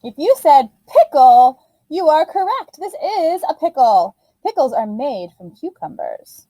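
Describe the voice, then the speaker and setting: Woman teacher, lively sing-song voice, mellow tone, dry close sound, talking to little kids. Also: high-pitched, unhurried, no room sound, poor audio. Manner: animated sing-song teacher voice addressing young children. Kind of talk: early-childhood phonics lesson.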